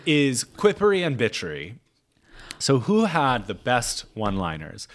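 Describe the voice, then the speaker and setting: A man co-hosting a casual film review chat, giggly and chatty, with quick asides. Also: mid-range voice, wildly swooping pitch. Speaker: co-host of a film review show.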